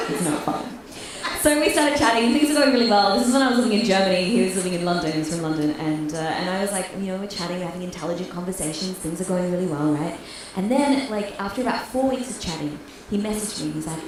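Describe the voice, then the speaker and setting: A woman's voice: lowish voice, quick pace, background noise. Brash Australian woman doing stand-up. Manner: brash, animated storytelling with acted-out quotes. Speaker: stand-up comedian. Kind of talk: stand-up comedy set. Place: comedy club stage. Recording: echoey room heard from far off. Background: audience laughter.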